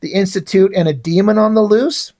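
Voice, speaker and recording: A man's voice: high voice, brisk, warm tone, close to an everyday voice. A man voicing a dry, wisecracking rock-skinned male hero from a comic, with a sarcastic edge. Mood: sardonic.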